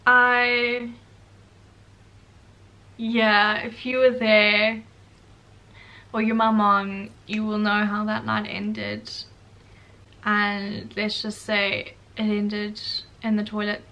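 A young South African woman vlogger speaks in South African English, chatting casually, mocking herself, and laughing often. Her medium-pitched voice is bright and forceful yet flat in delivery, very slow with frequent pauses, and the audio is dull and recorded from a distance.

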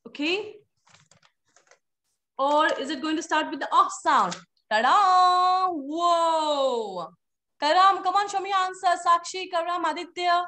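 A woman's voice: very high voice, measured pace, pauses often, sharp tone. A woman teaching a live online phonics class to young children, encouraging and playful in a sing-song way.

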